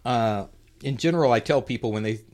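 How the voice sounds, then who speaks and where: A man co-hosting a podcast, chatting casually while snacking, animated and laughing often. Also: medium pitch, brisk. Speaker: podcast co-host.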